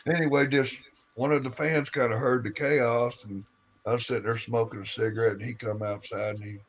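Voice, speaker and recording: A man's voice: mid-range voice, fairly even intonation, brisk, highs cut off. A man on a live stream telling a long rambling story in casual chat, acting out the voices of the people in it and swearing as he goes.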